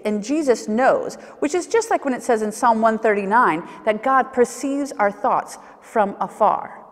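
A woman's voice: sits high, lively intonation, moderate pace, hardly any pauses. A woman giving a sermon, telling Bible stories vividly and acting out the questions people asked. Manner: vivid storytelling, acts out questions and scenes. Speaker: preacher. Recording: reverberant church hall.

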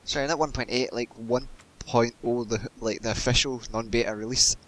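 A man chats casually while playing a game. He jokes around and gets excitable at times. His voice sits in an ordinary middle pitch. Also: moderate pace. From Scotland. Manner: chatty, joking, excitable. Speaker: gamer. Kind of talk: casual let's-play chat.

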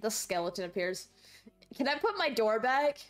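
Excitable high-voiced woman streamer. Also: moderate pace, soft background music. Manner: excitable, rambling, shrieks and laughs. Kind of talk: casual game livestream chatter.

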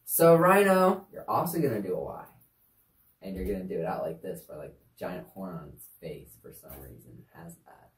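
Woman with a super deep voice, bouncy sing-song delivery, easygoing chatty teacher, echoey room, mic kinda far off. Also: animated, fairly quick, a little mellow. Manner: easygoing, chatty, with offhand asides. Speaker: sign language teacher. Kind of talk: casual how-to demonstration.

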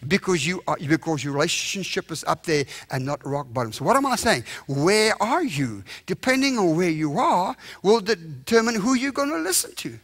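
A male evangelist preaching a revival sermon in a church, impassioned and emphatic with sudden loud bursts. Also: high-pitched, sing-song, moderate pace, hardly any pauses.

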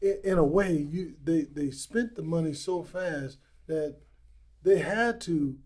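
A man's voice: on the high side, slow, darkish tone. A man hosting a podcast interview, speaking up with short prompts and comments. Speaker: podcast host. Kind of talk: interview, brief reactions.

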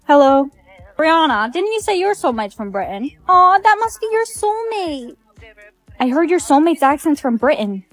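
High synthetic woman's storytime voice. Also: big pitch swings, normal speed, soft background music. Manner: evenly paced synthetic delivery voicing every role. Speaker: text-to-speech storyteller. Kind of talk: scripted storytime narration.

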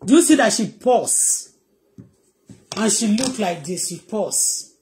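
A woman's voice: mid-range voice, sing-song, slow pace, darkish tone, reverberant. A woman with a Nigerian accent giving heated commentary as a gossip vlogger, emphatic and repetitive, often asking if you understand.

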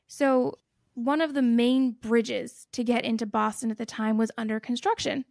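A woman hosting a podcast, telling a story in an animated, casual way, swearing freely and laughing as she goes. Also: a little high, vocal fry, dry recording, studio quality. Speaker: podcast host.

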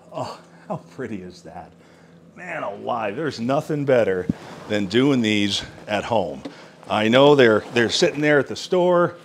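A man of middle pitch shows off food from a countertop cooker, gushing with excitement and laughing between lines. His talk is loose and chatty, with faint noise in the background. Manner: enthusiastic, exclamatory, laughing often. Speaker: cooking channel host. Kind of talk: product demo cooking vlog.

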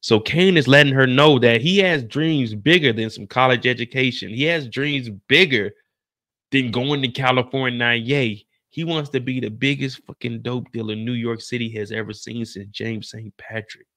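Man for casual recap commentary, gravelly and bright, loose and profane. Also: medium pitch, normal speed. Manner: loose, profane, joking asides. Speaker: TV episode recapper.

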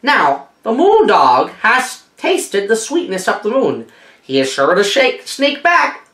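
A woman voicing an excited parrot who rallies the jungle animals, with shrill squawking calls. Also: takes it slowly, echoey room, full character voice. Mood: wise.

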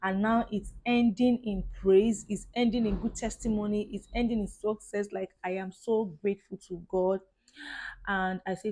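Her tone is steady and dark, her voice mid-range, her speed normal. She's a Nigerian vlogger in her thirties with a Nigerian accent, addressing her viewers casually and enthusiastically and leaning often on "like" and "guys."

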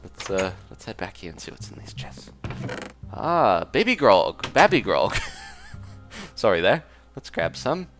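A man's voice: deep voice, sing-song, measured pace, a bit bright, faint music behind. A man hosting a gaming video in character as a pompous detective, with a put-on English accent and a jokey manner. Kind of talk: in-character let's play commentary.

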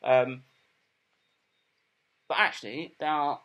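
A middle-aged man giving a casual product review, plain and unhurried, with many ums and repeated words. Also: on the high side, steady tone, highs cut off. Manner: plain, unhurried and matter-of-fact.

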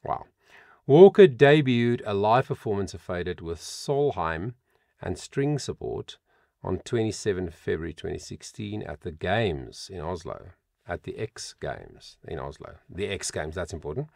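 Man with a lively, up-and-down voice. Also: low-pitched, a little slow, gravelly, no echo, studio quality. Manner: reads song facts aloud with animated asides. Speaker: vocal coach reacting to a song. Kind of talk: reaction video commentary.

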